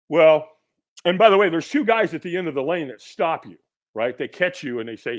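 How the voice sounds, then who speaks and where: A middle-aged man, a podcast guest, telling a personal story in an animated way and acting out the people in it. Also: fairly high pitch, brisk, a faint crowd. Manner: animated storyteller who acts out quoted voices.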